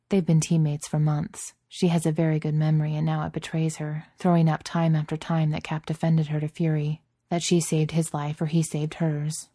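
A woman reading fan fiction aloud in steady, measured narration. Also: low voice, dry recording, clean studio sound.

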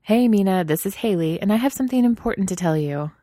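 A woman's voice: mid-range voice, expressive, fast talker, warm tone, dry recording, studio quality, pitched above the performer's own voice, lightly acted. A woman voicing a smug, teasing teenage girl gymnast who bosses her friends around. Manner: teasing, bossy.

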